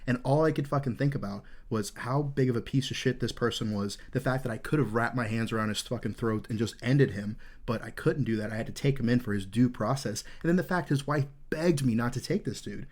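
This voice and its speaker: He's a podcast host in his thirties, telling a story casually with intense earnestness, lots of fillers, and swearing in almost every sentence. The voice is mid-range and darkish, delivered briskly with few pauses.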